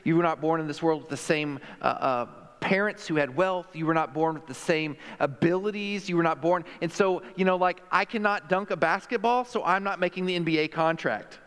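A man's voice: on the high side, fairly quick, hardly any pauses, fairly bright tone, clean tone. A male pastor preaching a sermon in a conversational, emphatic way, acting out quotes in the stories he tells. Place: church sanctuary. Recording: long hall reverb.

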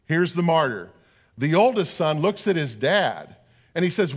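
A middle-aged male pastor delivers a sermon in a fairly high voice. He speaks earnestly and tends to repeat words as he works through his points. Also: big pitch swings, a little slow.

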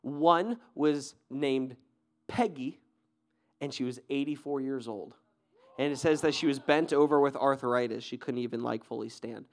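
A man's voice: mid-range voice, unhurried. A male pastor giving a sermon, telling a story in a loose, conversational way, often checking in with "right?" and laughing.

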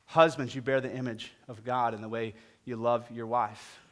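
A middle-aged male pastor preaching a sermon and telling a humorous story with animated delivery. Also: medium pitch, moderate pace.

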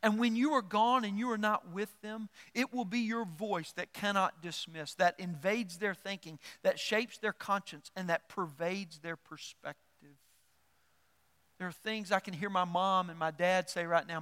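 A middle-aged male pastor preaching with a high, bright, ringing voice. He delivers the sermon animatedly, repeating himself and building emphasis. The sound carries a long reverb, like a large church hall.

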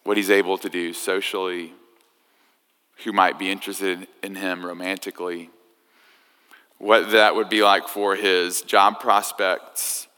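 Pastor in his 30s, chatty storytelling sermon, bright voice, echoey church. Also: low voice. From United States. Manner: conversational, animated storyteller. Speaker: preacher. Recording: echoey hall.

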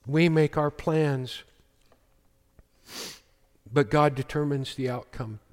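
A man preaching in a church, speaking slowly with emphatic, measured phrasing. His voice sits a little high for a man. The sound carries a long reverb from the hall. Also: darkish tone. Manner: slow, emphatic preaching with quoted scripture. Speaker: pastor. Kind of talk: sermon.

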